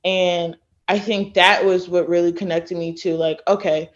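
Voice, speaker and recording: A woman in her late twenties from Texas, a podcast guest who tells stories in a lively way and acts out what others said. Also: lowish voice, a little slow. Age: late 20s. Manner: animated storyteller who acts out quoted people. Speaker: guest, former college thrower. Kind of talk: casual podcast interview. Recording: dull lo-fi sound.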